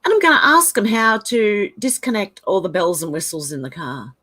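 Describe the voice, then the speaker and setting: A woman's voice: mid-range voice, moderate pace, sharp tone. Chatty Australian woman reading live chat. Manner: chatty, reads chat messages aloud, laughs often. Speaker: livestream host reading viewer comments.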